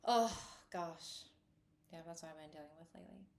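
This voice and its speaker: A woman co-hosting a podcast in casual chat, telling stories in an animated way. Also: fairly low pitch, normal speed, gravelly, reverberant. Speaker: podcast co-host.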